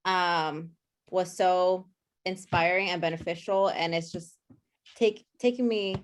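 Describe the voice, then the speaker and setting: A woman's voice: fairly low pitch, fairly even intonation, measured pace. A woman in her thirties, a participant in a group coaching call, sharing her takeaways in a chatty, candid way, with frequent ums.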